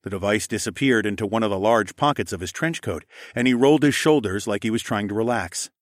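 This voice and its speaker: A man with a lowish voice narrates a story in the first person, steady and matter-of-fact. The recording is close and dry, with no room sound. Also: fairly quick, no echo. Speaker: audiobook narrator.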